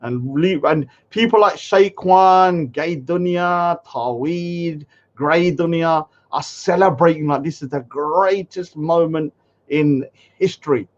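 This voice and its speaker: Brief: higher-voiced male streamer, mocking and dismissive, muffled stream sound. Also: takes it slowly. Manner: scornful, mocking, mimics commenters in a high voice. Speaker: livestream commentator. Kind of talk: casual livestream commentary. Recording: dull lo-fi stream audio.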